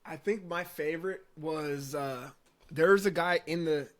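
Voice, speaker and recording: A man's voice: fairly high pitch, a little slow, fairly bright tone. Laid-back man telling a sports story. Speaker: co-host. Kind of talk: casual sports chat.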